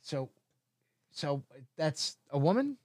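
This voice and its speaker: A middle-aged man hosting a podcast, telling animated stories full of swearing and acting out what others said. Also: fairly high pitch, slow, no echo, clean studio sound. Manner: animated storytelling, swearing, acts out quotes. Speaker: podcast host. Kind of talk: casual podcast banter.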